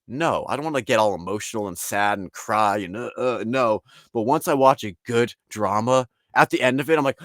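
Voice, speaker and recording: Brisk and medium-pitched, the guest on this interview podcast is an artist who founded a league. He chats casually, rambles with animation, and acts out quotes in voices, recorded cleanly in a studio with no echo.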